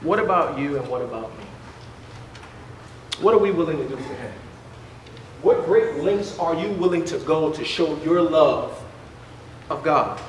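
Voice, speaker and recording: A man preaching a fervent sermon, firing rhetorical questions and stumbling into quick restarts. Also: on the high side, expressive, reverberant, slight background noise.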